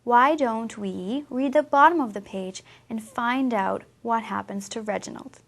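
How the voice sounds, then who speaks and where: A woman teaching English who talks young learners through a picture book, asking them gentle questions. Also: fairly high pitch, vocal fry. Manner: slow, warm, questioning teacher talk.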